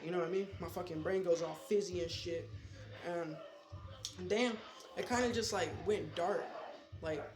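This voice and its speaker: A young man in his late teens telling rambling, profane, slangy stories in a casual vlog from his bedroom. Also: sits high. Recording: echoey room with music behind.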